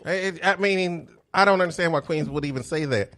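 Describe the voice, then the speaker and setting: A man co-hosting a podcast, chatting casually and backing up his partner with steady murmurs of agreement. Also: a little high, fairly quick. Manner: constant "mm-hmm" backchannels, supportive. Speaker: podcast co-host. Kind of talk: casual chat.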